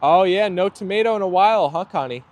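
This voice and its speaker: This fast-talking young man has a high voice with lively intonation. He's hosting an outdoor livestream, casually reading viewer comments aloud as his dogs play, laughing often in a chatty, easygoing way.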